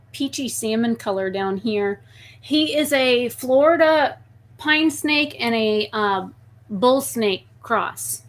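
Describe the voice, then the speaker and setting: A woman chatting casually on a live stream while hushing and soothing a restless pet snake, describing it with lots of "like.". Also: high voice. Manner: hushes and soothes a pet snake in soft murmurs. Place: at home at her desk.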